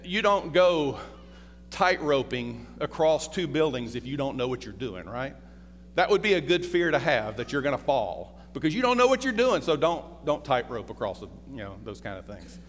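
A man's voice: mid-range voice, very animated, moderate pace. Middle-aged guy preaching, chatty, asks the crowd stuff, long reverb in the hall. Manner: conversational, asks the congregation questions, tells personal stories. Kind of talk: sermon. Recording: reverberant hall with faint hum.

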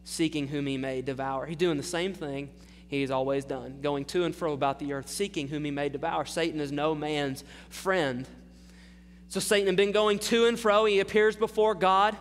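High-voiced male pastor preaching in a hall. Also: fairly even intonation, normal speed, a little hiss or hum. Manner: earnest preaching, rising in force when quoting scripture. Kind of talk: sermon.

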